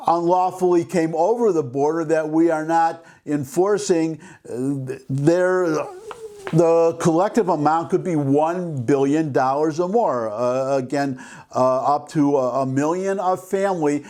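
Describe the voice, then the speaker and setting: An older man hosting an opinion vlog, reading a news article aloud and commenting on it indignantly, with halting restarts. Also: fairly high pitch, a little mellow. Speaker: vlog host.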